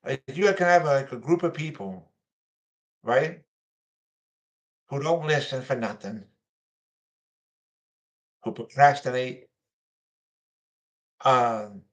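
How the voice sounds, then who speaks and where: Speaking slowly with long pauses in a mid-range voice, a man hosts his own show. His casual monologue rambles and repeats itself with plenty of fillers, and he puts on whiny, mocking voices to quote others.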